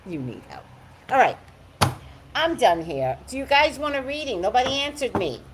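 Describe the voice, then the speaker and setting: A woman psychic chatting on a live stream, greeting viewers by name and giving her blunt, animated opinions. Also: fairly high pitch, normal speed, background noise.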